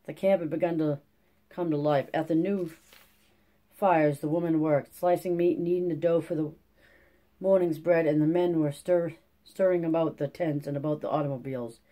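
An audiobook narrator reading a classic novel aloud at a steady pace, with occasional slips and restarts. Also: medium pitch, normal speed.

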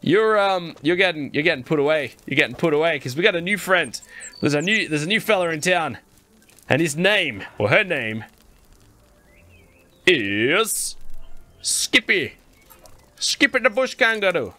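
A young Australian man giving chatty, excitable Let's Play commentary as a gaming YouTuber, talking straight to his viewers. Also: fairly high pitch, a little fast.

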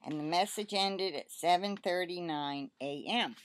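An older woman slowly reading aloud a message she says she received in prayer, with asides between passages. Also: on the low side. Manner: slow, deliberate reading with soft emphasis and asides. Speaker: Christian prophetic message reader. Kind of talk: reading a received prophecy aloud, then commenting.

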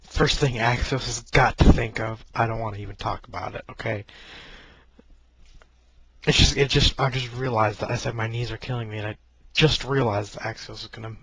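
A man's voice: medium pitch, steady tone, moderate pace, fairly bright tone, breathy edge. A man sitting at his computer desk, rambling in a joking, self-deprecating way into a mic held close to his face. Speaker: video blogger. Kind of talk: casual rambling vlog. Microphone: close-up mic he keeps bumping.

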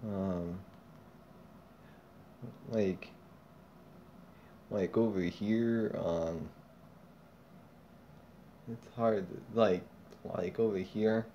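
A man reacting to a video on a face cam, halting and full of fillers, on a dull lo-fi recording with faint noise. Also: on the low side, fairly even intonation, warm tone. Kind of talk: reaction commentary.

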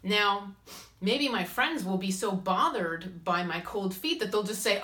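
A woman hosting a spiritual advice talk, speaking in a lively way and acting out inner voices and quotes. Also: medium pitch, a little slow. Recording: roomy echo.

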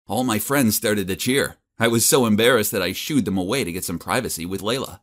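A man narrating a first-person story as an awkward, nerdy teenage boy, animated and exasperated. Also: on the low side, fairly quick, few pauses. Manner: animated, exasperated, self-mocking.

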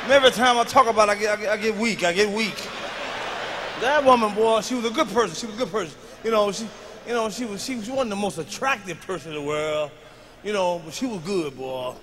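A man performing a stand-up comedy routine on a big stage, telling profane stories with a swagger, jumping between shouts and low asides. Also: fast, long reverb tail, background noise. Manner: loud, swaggering, profane storytelling with sudden shouts and drops to a murmur. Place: large live venue on stage.

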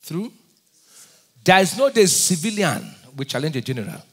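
A man with a Nigerian accent preaching a sermon, firing call-and-response questions at his congregation and breaking into sudden shouts. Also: a little high, wildly swooping pitch, moderate pace, husky, in a large hall. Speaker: pastor.

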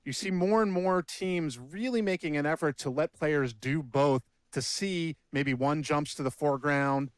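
A man explains how young ballplayers develop, pausing now and then on a filler. His voice is smooth and resonant. The sound is close and dry, with no room around it. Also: on the high side, no echo. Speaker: baseball analyst. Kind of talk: interview answer.

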